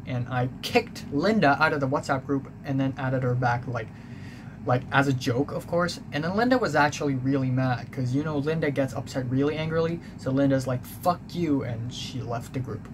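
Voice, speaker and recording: A young male vlogger tells a personal story in a rambling, confessional way, full of fillers and restarts. His voice is medium-pitched at a normal speed, with clear background noise in the recording.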